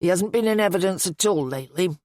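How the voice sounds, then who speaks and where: A weary, grieving father of middle years, his voice sunk low and short-tempered, as a woman reader puts him on. He snaps and mumbles rather than talks, each phrase clipped and tired. The sound is close and dry, with no room around it. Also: lively intonation, quick pace, darkish tone, no room sound, natural voice. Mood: weary, irritable.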